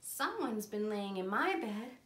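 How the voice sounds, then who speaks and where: A woman voicing the mama bear in a storybook reading, in an even, plain manner. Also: mid-range voice, a little slow. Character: middle-sized mama bear, female. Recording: roomy echo.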